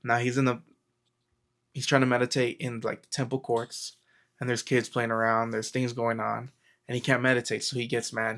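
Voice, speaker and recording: A man's voice: medium pitch, little pitch movement, normal speed, a bit bright. A man talking casually to camera about mindset, rambling and storytelling with lots of fillers and acted-out quotes. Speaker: self-help vlogger. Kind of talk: casual motivational talk to camera.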